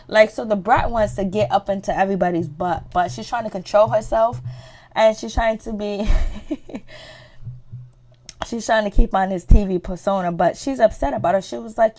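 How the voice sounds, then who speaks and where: A woman's voice: moderate pace, a little mellow. A woman giving a casual, chatty recap of a reality show, swearing freely and acting out the people's lines. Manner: chatty, swearing, acts out quotes with rising pitch.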